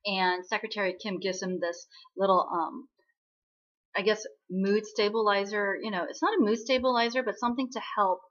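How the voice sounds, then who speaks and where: A woman giving a casual spoken recap of a TV drama, chatty and full of fillers, acting out quoted lines in a higher voice. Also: fairly even intonation, moderate pace, fairly bright tone, muffled recording.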